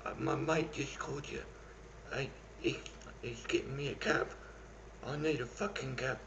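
A man's voice: medium pitch, fairly even intonation, normal speed, gravelly, echoey room, background noise. A man playing a drunk stranded guy who swears and demands a cab, calling everyone "mate", in a comedy sketch. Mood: belligerent. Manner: belligerent, swearing, says "mate" constantly.

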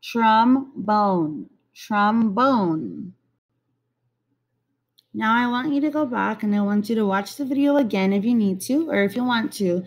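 A woman teaching young children a lesson, slowly repeating each word to model its syllables. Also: fairly high pitch, darkish tone.

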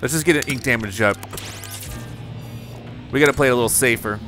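Excitable man narrating his gameplay. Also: mid-range voice, brisk. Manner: reacts loudly, yelps and exclaims under pressure. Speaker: gaming video host. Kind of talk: excitable let's-play commentary. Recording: music playing behind the voice.

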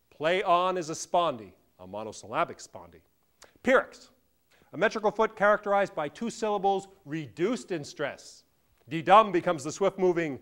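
A middle-aged man delivering a deadpan comic lecture on a theatre stage before a live audience. He swings between booming declamation and hushed murmurs. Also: moderate pace. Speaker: solo stage performer playing a lecturer.

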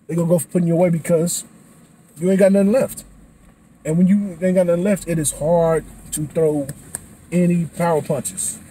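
Casual male vlogger, out of breath, animated and slangy, mellow tone, light traffic hum. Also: a little high, normal speed, poor audio. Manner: animated, slangy, trailing restarts. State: winded after boxing class. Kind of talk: casual vlog talk.

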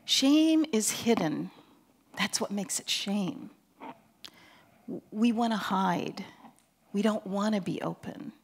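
Woman in her sixties, counseling professor; reflective, filler-heavy seminar talk that often drops soft. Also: mid-range voice, lively intonation, slow, long pauses, slightly rough. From Pennsylvania. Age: 60s. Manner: reflective and conversational, with frequent fillers.

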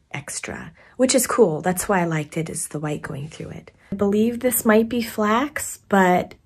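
A woman chatting casually in a craft vlog, laughing often and slipping into quick whispered asides. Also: lowish voice, gravelly, breathy edge. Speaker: craft vlogger.

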